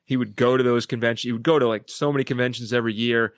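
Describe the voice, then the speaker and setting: A man who is a podcast guest, telling stories animatedly and acting out quoted people in lively voices. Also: medium pitch, rapid-fire, no room sound, clean studio sound. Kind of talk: casual discussion.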